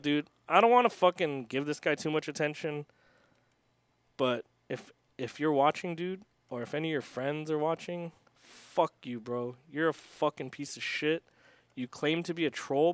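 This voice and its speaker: A man's voice: a little high, no echo. A young man who owns an arcade, talking on a casual livestream, swearing heavily and hitting back at critics while reading chat aloud. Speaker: arcade owner.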